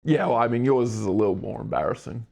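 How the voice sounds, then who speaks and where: A man's voice: fast talker, vocal fry, a little mellow. A young man livestreaming a puzzle and chatting with his viewers. He swears a lot, laughs often, and jokes around goofily. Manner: profane, goofy, laughs often; slips into silly high put-on voices. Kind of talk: casual livestream chat while doing a puzzle.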